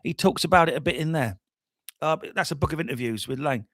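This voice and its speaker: A jet-lagged man hosting a casual livestream chat, telling stories in an animated way, trailing off and restarting often. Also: a little high, fast, no room sound, clean studio sound. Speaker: livestream host.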